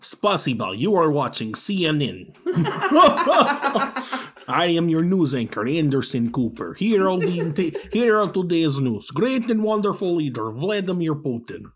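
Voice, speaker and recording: A loud, pompous mock Russian news anchor, as a man puts him on, pitched up and theatrical. He declaims in broken English with mock grandeur. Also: very animated, a little slow, heavily acted.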